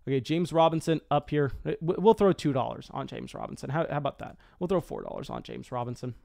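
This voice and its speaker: Excitable man with restarts, commentating a draft. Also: fairly high pitch, gravelly. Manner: quick, excitable, frequent stammered restarts. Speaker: fantasy football streamer.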